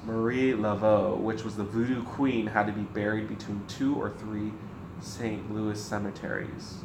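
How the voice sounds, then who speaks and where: A man from the American South co-hosting a casual Q&A vlog, rambling and animated with lots of filler words. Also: on the low side, measured pace, echoey room, noisy background. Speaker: co-host. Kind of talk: casual Q&A chat.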